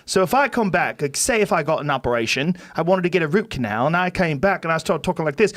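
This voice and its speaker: A man's voice: a little high, lively intonation, brisk, dry recording. A man hosting a podcast, joking and mocking a news clip in casual chat, acting out silly voices. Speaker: podcast host.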